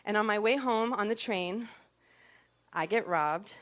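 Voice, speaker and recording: A woman's voice: medium pitch, a little slow. A woman performing a comic personal story in a chatty, self-deprecating way, timing her punchlines.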